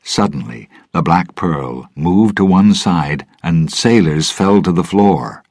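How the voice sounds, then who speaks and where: A man narrating a story slowly and deliberately for English learners. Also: deep voice, animated, a little mellow, no room sound, studio quality. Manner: clear, deliberate. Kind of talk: slow scripted story reading for English learners.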